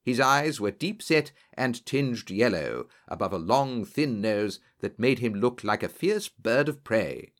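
A man's voice: mid-range voice, measured pace, few pauses. A man narrating a storybook, reading expressively and acting out the dialogue. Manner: expressive, voices characters in dialogue. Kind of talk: audiobook narration.

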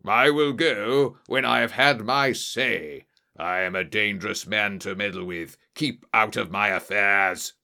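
A man voicing a fierce, threatening old doctor in an audiobook, speaking in a slow, menacing way. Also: lowish voice, creaky, bright, forceful tone, full character voice. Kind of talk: audiobook character voice.

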